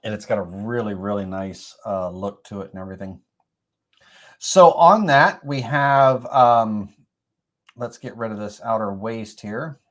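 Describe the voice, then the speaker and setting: A man's voice: lowish voice, animated, measured pace, a bit bright. Man hosting a woodworking live stream, filler-heavy. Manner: rambling, filler-heavy, self-correcting. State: has a cold, occasional coughs.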